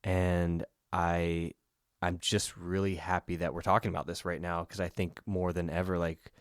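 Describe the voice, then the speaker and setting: Male co-host, deep and dry, soft, reflective, halting. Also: level tone, dry recording. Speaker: podcast co-host. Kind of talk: casual podcast chat.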